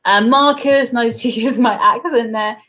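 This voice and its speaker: Bright and forceful, her voice is on the high side and a little slow. This young Southern English woman from the south coast is hosting an informal live cruise Q&A from her desk at home, talking with her audience, reading their comments out loud, and cooing at her dog.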